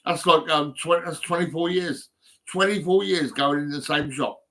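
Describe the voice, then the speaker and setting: A man's voice: fairly high pitch, normal speed, fairly bright tone. A man vlogging at home, rambling casually with lots of fillers and the odd swear.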